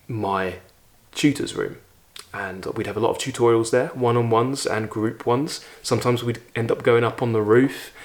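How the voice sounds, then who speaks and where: A man, vividly retelling a personal story in a casual video, with frequent fillers. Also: mid-range voice. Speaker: YouTube host. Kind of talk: storytelling vlog.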